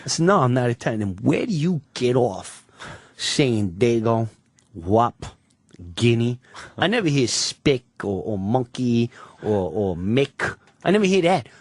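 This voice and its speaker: A man on a radio talk show putting on the voice of a gruff, intimidating older Italian-American actor in a story. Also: medium pitch, very animated, unhurried, a little mellow, dry recording, voice pushed down. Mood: angry.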